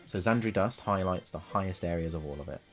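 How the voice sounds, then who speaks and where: A man's voice: low voice, soft background music. A man, casually chatting and laughing on a live stream while painting miniatures. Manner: chatty and playful, quick to laugh.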